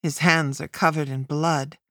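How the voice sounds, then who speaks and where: A woman reads a first-person memoir for an audiobook, her voice deep for a woman and her delivery slow and measured. The recording is dry and close, with no room echo. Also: steady tone, fairly bright tone. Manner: measured, plain present-tense storytelling. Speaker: audiobook narrator.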